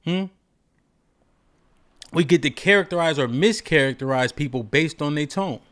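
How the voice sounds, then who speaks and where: A man holds forth on a call-in show in a fairly high voice. His delivery is emphatic and preachy, full of rhetorical questions and constant "right?" check-ins. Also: moderate pace, a bit bright. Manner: emphatic, repeats "right?" often. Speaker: podcast host.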